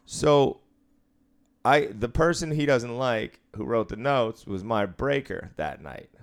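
A man's voice: medium pitch, expressive, slow. A man who deals craps, telling a casual, profanity-laced story about work and laughing as he goes. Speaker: casino craps dealer.

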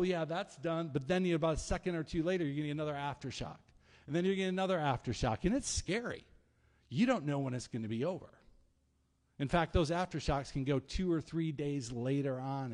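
A man preaching a sermon as pastor, telling stories in a lively, conversational way. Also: a little high. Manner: storytelling, animated, conversational preaching. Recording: long hall reverb.

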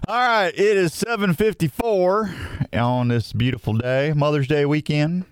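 A man's voice: on the high side, unhurried, clear, resonant tone, dry recording, soft background music. A man from Missouri hosting a radio show in casual, joking, rambling talk, a little sleep-deprived.

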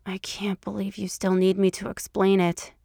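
A woman's voice: mid-range voice, completely flat delivery, moderate pace, vocal fry, dark tone, no echo, studio quality. Woman reading as a mock-grave middle-aged male agent. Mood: plaintive. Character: wry middle-aged male agent, dramatic about baseball.

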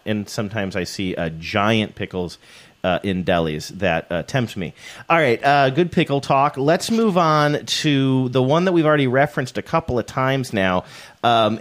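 A man hosting a podcast, chatting casually and joking about old commercials. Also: mid-range voice. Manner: playful, joking. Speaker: podcast host. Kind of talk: casual chat.

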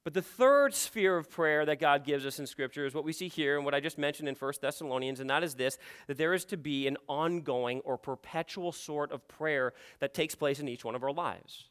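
A man's voice: on the high side, a little fast, hardly any pauses, a bit bright, clear, resonant tone. A man preaching a sermon to his congregation in an earnest, emphatic way, often repeating "you see". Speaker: pastor.

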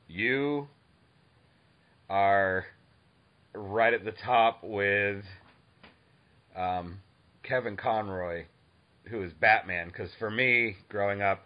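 A man in his thirties from Boston hosting a podcast, talking in an eager, excitable, fan-like way. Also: fairly low pitch, muffled recording. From Boston, Massachusetts. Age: 30s. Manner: eager, excitable, self-described dork. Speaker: podcast host. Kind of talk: casual interview chat.

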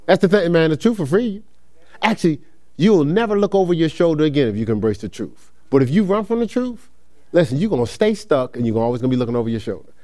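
Animated high-voiced male preacher. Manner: animated, conversational, acts out quick dialogues, laughs often. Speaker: pastor. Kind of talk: lively preaching sermon.

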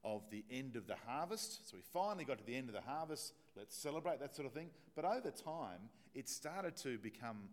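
A man's voice: medium pitch, big pitch swings, fairly quick, few pauses. A man with an Australian accent, a pastor giving an evening sermon with a prayer, telling stories in a conversational, self-deprecating way with many fillers. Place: church.

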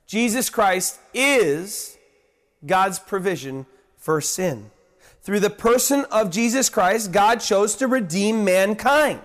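A man preaching a sermon as a pastor, reading scripture and building to emphatic rises before dropping to a quiet hush. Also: sits high, long reverb tail.

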